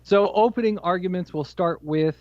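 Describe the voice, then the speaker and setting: A man's voice: high-pitched, normal speed, a little mellow, no room sound, muffled recording. A man co-hosting a podcast in casual chat, telling stories with a laugh. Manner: jokey, laughs at his own stories. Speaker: podcast co-host.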